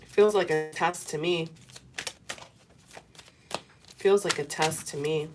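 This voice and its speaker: Woman, tarot reader, lowish voice, repeats herself, faint background hiss. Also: slow pace. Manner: repetitive, earnest, coaching tone. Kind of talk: casual tarot reading to camera.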